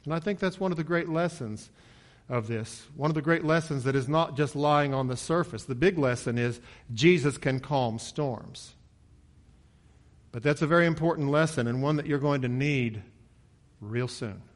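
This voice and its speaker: Higher-voiced man preaching a sermon. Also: moderate pace. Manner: rises sharply and loud when voicing panicked disciples, drops soft at line ends; conversational, asks rhetorical questions.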